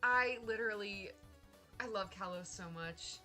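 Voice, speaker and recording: A young woman streaming, chatting casually in an excitable, rambling way with lots of laughter. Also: mid-range voice, unhurried, faint music behind. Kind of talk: casual live-stream chat.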